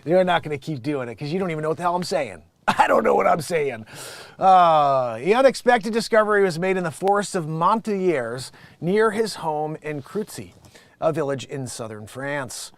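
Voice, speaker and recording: A man hosting a comedy news show, joking and swearing as he reads headlines and swings into loud bits. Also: fairly high pitch, animated, normal speed, dry recording.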